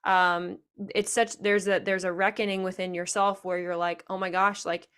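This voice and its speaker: A woman's voice: on the low side, level tone, moderate pace, a bit bright, clean tone. Chatty woman podcast host. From Nebraska. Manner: chatty, reflective, many fillers. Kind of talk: casual podcast chat.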